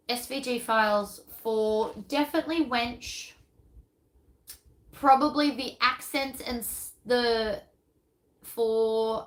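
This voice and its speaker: A woman's voice: a little high, rough recording. A woman, a pattern designer chatting casually and rambling as she thinks aloud during a live stream.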